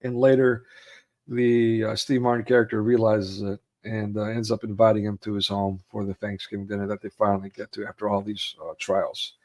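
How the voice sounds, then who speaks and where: His voice is lowish and darkish in tone, level and a little fast. He's in a casual film chat, retelling favorite scenes and acting out quotes with a raised voice, laughing easily amid frequent fillers.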